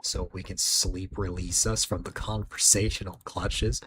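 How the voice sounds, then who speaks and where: A man's voice: sits low, flat delivery, a little slow, fairly bright tone, slight background noise. A man streaming late at night, chatting casually with viewers, sleepy and rambling, losing his words.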